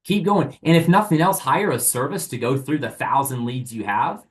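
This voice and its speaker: This man's voice sits in the mid-range, and his pace is moderate. Leading an online sales training, he talks straight to his listeners with plenty of energy, often posing rhetorical questions and playing both sides of the argument.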